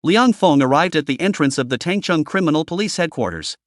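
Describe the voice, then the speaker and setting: A man narrating a recap story in a scripted, lively storytelling manner. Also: fairly high pitch, fairly quick, no room sound, clean studio sound.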